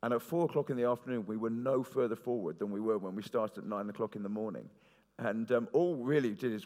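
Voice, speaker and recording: A middle-aged male pastor preaching a sermon, telling stories in an animated way. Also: lowish voice, quick pace. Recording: preacher in a reverberant hall.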